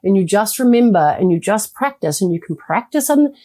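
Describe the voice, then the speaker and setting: Animated middle-aged woman with a mellow voice. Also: mid-range voice, fairly quick. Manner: animated, acts out quoted thoughts in a bright voice. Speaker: guest, communication coach. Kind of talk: interview conversation.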